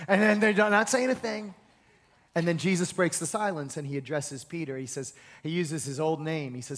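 A man preaching a sermon, animated, repeating key phrases and leading his congregation in call-and-response. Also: on the high side, normal speed, pauses often.

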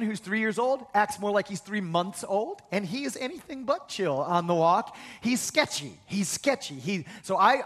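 High-voiced animated male preacher in a hall. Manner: animated storytelling with big pitch swings, dropping to a soft hush for comforting lines. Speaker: pastor. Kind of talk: sermon. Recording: long reverb of a large hall.

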